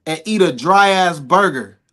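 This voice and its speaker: Brief: bright-voiced male co-host, disbelieving, keeps pressing questions. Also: high-pitched, animated. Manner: incredulous questioning, drawn-out. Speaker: podcast co-host. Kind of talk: casual banter.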